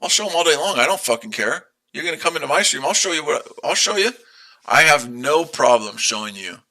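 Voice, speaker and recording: A man's voice: a little high, lively intonation, a little fast, sharp tone. A man streaming live as a day trader, ranting at his chat in a combative, profane way and repeating his rhetorical questions.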